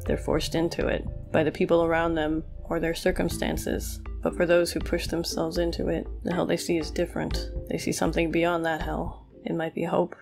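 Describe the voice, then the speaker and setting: A woman's voice: low voice, monotone, normal speed, gravelly, few pauses, music in the background. A woman reading the lines of a weary one-legged male war veteran in a plain, reflective way.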